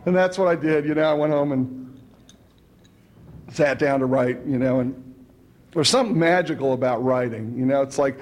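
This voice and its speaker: A man's voice: medium pitch, moderate pace, long pauses, a little mellow. A man telling his recovery story at a meeting in a chatty, humorous way, often adding "you know" and chuckling. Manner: chatty, fills with "you know" and "right", chuckles between lines.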